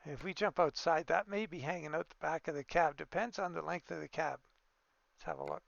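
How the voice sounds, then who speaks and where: A man's voice: fairly high pitch, very animated, a little fast, vocal fry, fairly bright tone, no echo, lo-fi sound. A man giving easygoing, casual commentary on a truck-building game, thinking aloud with fillers and small exclamations. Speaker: gaming video creator.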